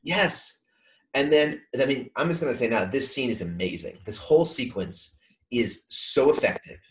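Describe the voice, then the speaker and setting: A man co-hosting a casual podcast chat over a video call, lively and acting out quoted lines as he talks. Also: medium pitch, normal speed, poor audio. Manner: animated, acts out quoted lines. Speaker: podcast co-host.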